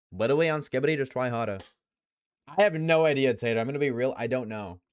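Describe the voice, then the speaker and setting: A man's voice: mid-range voice, clear, resonant tone, dry recording. Slangy, joking young streamer guy. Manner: slangy, joking, talks in quick bursts. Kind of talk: casual chat to a live stream audience.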